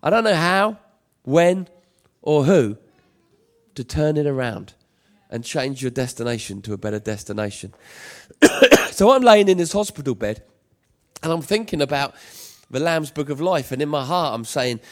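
A man's voice: on the high side, expressive, normal speed, pauses often. A man preaching a sermon in an emphatic, repetitive style that rises to passionate appeals, telling a personal story to his congregation. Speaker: pastor.

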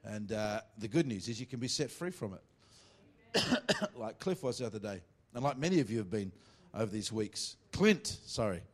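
A man preaching a sermon as pastor, mixing jokey, teasing asides to the congregation with emphatic preaching and slow, deliberate scripture reading. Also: on the low side, lively intonation. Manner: reads scripture slowly and deliberately.

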